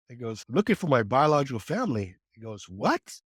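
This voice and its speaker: Man in his 60s from California, mid-pitched, very lively intonation, animated storyteller, dry close sound. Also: a little fast, few pauses, slightly rough, dry recording. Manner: animated, acts out quoted dialogue with lively pitch jumps. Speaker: podcast guest. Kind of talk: conversational storytelling.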